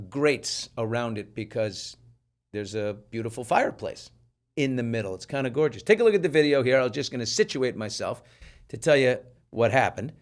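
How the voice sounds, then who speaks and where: A male talk show host in a casual chat, spinning stories with lively energy and slipping into voices for the people in them. His voice sits at an ordinary middle pitch. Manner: animated storyteller who acts out quoted people.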